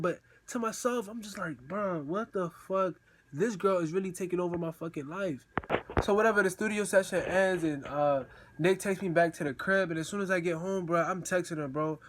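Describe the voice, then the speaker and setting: Young male vlogger, high voice, casual slangy storyteller, acts out crying. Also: fairly quick. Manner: slangy, repeats himself, says "bro" a lot.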